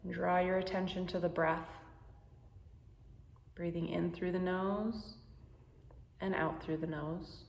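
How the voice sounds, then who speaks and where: A woman guiding a meditation, speaking slowly and gently with soothing instructions. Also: lowish voice, little pitch movement, creaky, echoey room. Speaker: meditation guide. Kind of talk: guided meditation.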